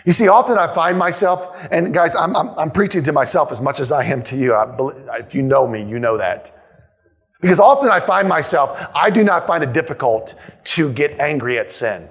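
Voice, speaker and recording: A male pastor delivers a sermon in a church with a slightly high voice for a man. He is emphatic, repeats his main points slowly for weight, and asks the congregation rhetorical questions. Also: fairly bright tone. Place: church sanctuary.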